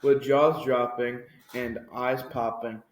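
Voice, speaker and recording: Guy reading a kids book out loud, expressive, mid voice, echoey room. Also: mid-range voice, unhurried. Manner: expressive storytelling, lively shifts in pace. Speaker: reader. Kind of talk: reading a picture book aloud.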